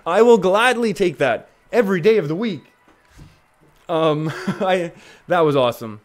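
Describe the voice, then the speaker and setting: A man's voice: high-pitched, lively intonation, takes it slowly, pauses often. Chatty man streaming a card game. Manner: chatty, thinks aloud, often laughs. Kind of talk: live game commentary.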